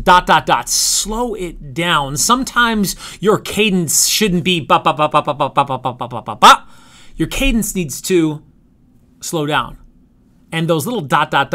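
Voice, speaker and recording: A man with a fairly high voice coaches sales agents through a phone script. He talks emphatically, slows down to stress words and reads lines aloud as if on a call. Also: a bit bright.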